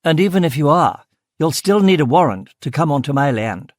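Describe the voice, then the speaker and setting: A man's voice: a little high, lively intonation, fairly quick, dry recording, studio quality. A man voicing an indignant, upper-class Anglo-Irish landowner of about forty, with a clipped, formal way of speaking. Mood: haughty. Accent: 1930s Anglo-Irish upper class.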